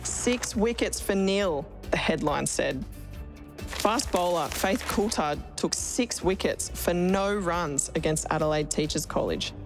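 A woman with an Australian accent, a cricketer, reading a children's story aloud in a lively, expressive way. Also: low-pitched, measured pace. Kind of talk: storybook narration. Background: background music.

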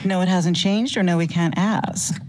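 A woman's voice: fairly low pitch, steady tone, moderate pace, background noise, lightly acted. An actress playing an indignant woman suspect in film dialogue. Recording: roomy film audio with score.

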